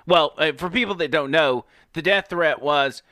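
A male talk host with a bright, crisp voice, pressing his points with many halting restarts. The sound is dry and close on a studio microphone. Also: a little high, no room sound. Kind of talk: casual political talk.

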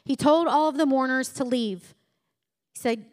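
A woman's voice: sits high, moderate pace, pauses often. A woman preaching a sermon, retelling scripture stories and building to emphatic peaks.

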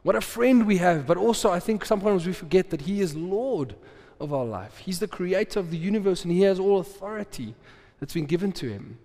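A man preaching a sermon in a relaxed, conversational way, asking the congregation questions and laughing often. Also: high voice, fairly quick. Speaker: pastor. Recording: long hall reverb.

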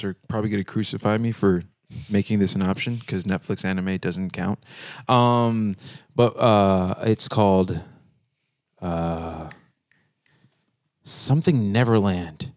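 A man's voice: fairly low pitch, darkish tone, no room sound. A man in a casual podcast chat, laid-back and slangy, rambling as he talks in a studio.

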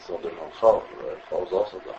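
A man in a class asking the teacher brief, quiet questions. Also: low voice, rapid-fire, dull audio, slight background noise. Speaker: student.

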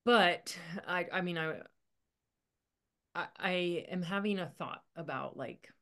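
A woman with a low, full voice hosts a faith podcast in relaxed conversation. She thinks out loud, circling and restarting her sentences before landing on a question, and she gently draws her guest out. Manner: thoughtful, halting, many restarts and fillers. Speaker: podcast host; women's ministry mentor. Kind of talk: faith-based casual conversation.

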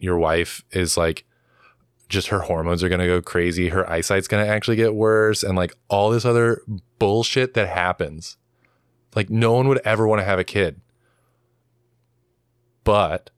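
A young man with a very low voice tells stories in a loose, animated way, full of fillers and swearing. The recording is close and dry, with no room sound. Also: moderate pace, smooth, no echo. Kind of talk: casual chat.

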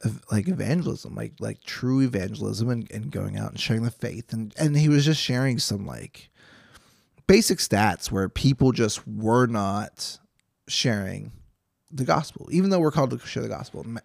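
A man's voice: fairly low pitch, normal speed, gravelly, a little mellow, husky, no echo, clean studio sound. A young man hosting a Bible study podcast, reading scripture and chatting casually with jokes and frequent restarts. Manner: chatty, jokey, self-interrupting.

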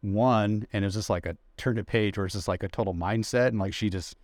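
A man's voice: a little fast, darkish tone, no echo, clean studio sound. A man hosting a podcast, chatting in an enthusiastic, casual way and swearing lightly. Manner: enthusiastic, swears casually, jumps high in pitch. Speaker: podcast host.

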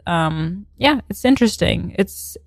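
A woman's voice: medium pitch, lively intonation, unhurried, no room sound, clean studio sound. A woman comedian chatting casually as a podcast guest, upbeat and full of fillers.

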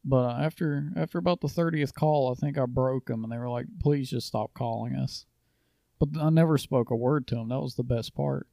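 A man's voice: medium pitch, fast, creaky, few pauses, warm tone, dry recording. A man co-hosting a podcast, telling stories in a dry, matter-of-fact way. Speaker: podcast co-host. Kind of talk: casual storytelling.

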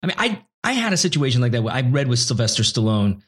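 A man's voice: medium pitch, sing-song, fast, husky. Chatty man trading actor stories. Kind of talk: casual chat.

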